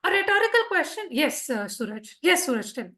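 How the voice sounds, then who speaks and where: Female speaking coach, high and animated, audience quizzing. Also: fast talker. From India. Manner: lively, quizzes the audience, acts out examples. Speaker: public speaking trainer. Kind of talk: interactive workshop lesson. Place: club meeting room.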